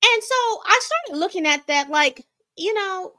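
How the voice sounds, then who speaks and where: A woman's voice: very high-pitched, animated, measured pace, bright, forceful tone. A woman hosting a casual commentary video, chatty and repeating herself as she talks her viewers through a story. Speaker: commentary channel host.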